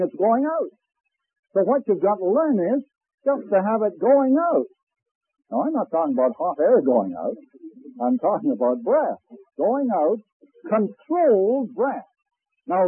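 Slow, lively old-recorded preacher teaching a class. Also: male voice, high-pitched, slightly rough, no echo. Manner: slow, deliberate, with demonstrations. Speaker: preaching instructor. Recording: tinny, phone-like old recording.

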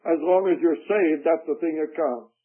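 A man preaching a radio sermon, emphatic and deliberate, with dramatic pauses between phrases. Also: on the high side. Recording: tinny lo-fi radio broadcast.

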